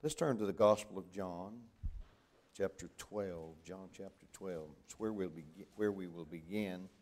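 An older man with a Southern Alabama accent speaks from a church pulpit at a revival meeting. His low-pitched voice stays humble and folksy. He chats with the congregation and chuckles through his anecdotes. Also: a little slow, a little mellow, a little hiss or hum. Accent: Southern American, Alabama. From Southern United States. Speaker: visiting evangelist preacher. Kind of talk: folksy revival sermon, storytelling. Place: church sanctuary.

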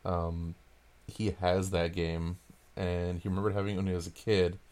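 A man in his thirties with a very low voice, trading podcast banter. His storytelling is crude and jokey. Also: little pitch movement, normal speed, a little mellow. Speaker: podcast co-host. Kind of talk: casual chat.

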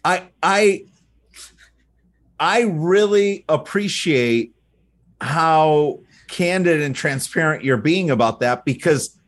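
A man hosting a podcast interview, talking in an animated, emphatic way and often repeating words as he builds a point. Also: a little high, takes it slowly. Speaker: podcast host. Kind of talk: casual interview chat.

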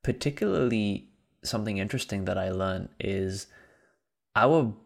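A man's voice: lowish voice, normal speed, gravelly. A man in casual conversation, talking earnestly and reflectively with many fillers.

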